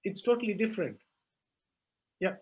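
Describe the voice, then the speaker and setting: A man's voice: high-pitched, big pitch swings, moderate pace, dark tone. A young man speaking on a panel, passionate and emphatic, with many fillers and restarts. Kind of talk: panel discussion.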